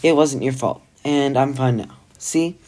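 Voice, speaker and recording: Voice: mid-range voice, a little slow, dark tone, close to an everyday voice, poor audio. A reader voicing an embarrassed young teen girl, weak and mortified as she recovers, in a storybook read-aloud.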